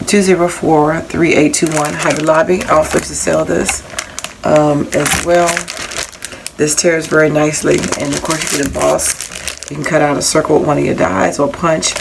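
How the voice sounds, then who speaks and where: A woman's voice: sits low, level tone, moderate pace, creaky, noisy background. A woman casually showing off craft supplies she bought, rambling a little and reading out prices and item numbers. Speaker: crafting haul vlogger.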